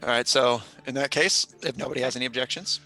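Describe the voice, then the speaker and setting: A man narrating as game master of a tabletop game, relaxed and dotted with fillers. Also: medium pitch, fast, soft background music.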